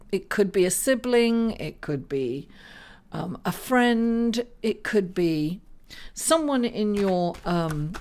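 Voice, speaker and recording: Astrologer, woman, casual and halting, slow pace, fond of saying darling. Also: mid-range voice, a little mellow. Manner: unhurried, halting with many fillers, calls listeners darling. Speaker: astrologer doing tarot readings. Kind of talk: casual horoscope reading.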